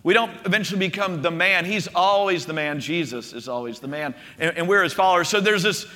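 High, bright-voiced male preacher. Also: a little fast. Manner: storytelling, animated, repeats words as he restarts. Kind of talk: sermon. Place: room with a gathered congregation. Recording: long reverb of a large hall.

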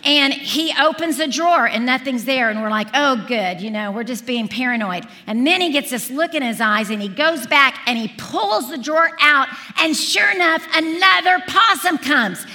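A woman in her forties preaching, telling a lively story to a congregation and acting out the dialogue. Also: high voice, normal speed, few pauses. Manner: animated storyteller, acts out dialogue. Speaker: speaker at a church service. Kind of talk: storytelling sermon. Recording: reverberant hall.

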